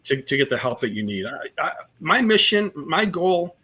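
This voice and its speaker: Interview guest: a man with a bright, forceful voice, a comic storyteller. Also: a little high, very animated, moderate pace, slightly rough. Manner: storytelling with jokes and many fillers. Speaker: comedian guest. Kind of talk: casual interview chat.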